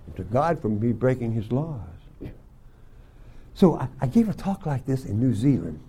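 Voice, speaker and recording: An older man teaching a Bible school class, telling folksy stories and often clearing his throat. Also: mid-range voice, animated, a little slow, mellow. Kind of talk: sermon to young students.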